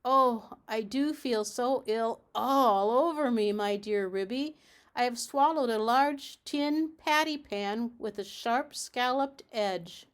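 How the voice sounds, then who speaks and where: A woman doing a fretful, dramatic lady dog. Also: slow pace. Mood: anxious, wailing. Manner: high, anxious, wailing.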